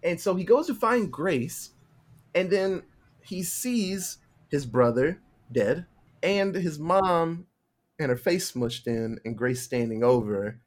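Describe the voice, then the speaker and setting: A young male podcast host chatting loosely through a movie's story. His voice sits a touch higher than most men's, and his delivery is relaxed and peppered with curse words. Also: slow. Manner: laid-back, swearing, acts out characters' lines. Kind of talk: casual chat retelling a film plot.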